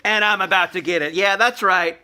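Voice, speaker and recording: A man's voice: high-pitched, fairly even intonation, brisk, sharp tone. A male host in casual chat, self-mocking and jokey, laughing often.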